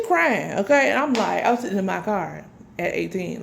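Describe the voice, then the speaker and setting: A woman with a creaky, mid-range voice at normal speed tells a personal story in a casual, chatty way, with slight background noise. She animatedly retells events, calls her listeners "y'all," and throws in dramatic asides.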